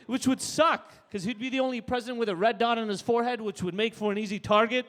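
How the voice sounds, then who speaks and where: Canadian man doing stand-up, high voice, punchy delivery, live club with long reverb. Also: fairly even intonation, rapid-fire, a bit bright. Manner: punchy, tags jokes with "right?". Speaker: stand-up comedian. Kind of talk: stand-up set. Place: live comedy stage.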